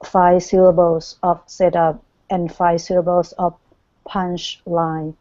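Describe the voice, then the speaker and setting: A woman's voice: lowish voice, little pitch movement, slow, mellow, no echo. A woman student reading a passage aloud in class, stumbling over longer words. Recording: dull lo-fi classroom recording.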